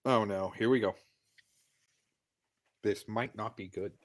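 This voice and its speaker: A man's voice: fairly low pitch, fairly even intonation, a little slow. A man chatting casually on a livestream with wry, offhand remarks.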